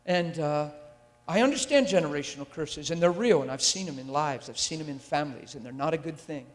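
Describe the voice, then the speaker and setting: A man's voice: fairly high pitch, fairly quick. A man preaching a sermon into a mic in a large church hall, intense and emphatic, often asking the crowd if they follow him. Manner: intense and emphatic, with rhetorical questions to the audience. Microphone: handheld or stand mic. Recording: long hall reverb.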